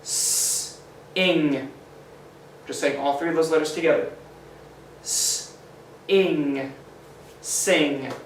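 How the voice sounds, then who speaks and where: Guy teaching kids phonics, slow and upbeat, sounds far from the mic, faint hum behind. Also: fairly high pitch, steady tone. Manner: slow, encouraging, sounds out letters. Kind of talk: phonics lesson for children. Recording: echoey room, mic at a distance.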